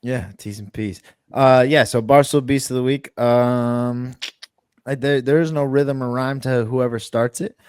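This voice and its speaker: A man hosting a podcast in relaxed, profane banter, steering the talk from one segment to the next. His voice sits in a middle range and sounds dry and close, with no room echo around it. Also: mid-range voice, unhurried, clear, resonant tone. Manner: loose, profane, runs the segments. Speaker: podcast host.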